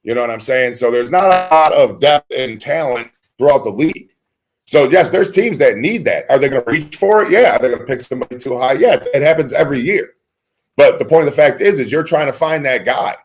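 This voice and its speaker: A man's voice: medium pitch, lively intonation, brisk. A man co-hosting a sports radio show, talking bluntly and profanely and ranting hard about players. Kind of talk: casual sports radio talk.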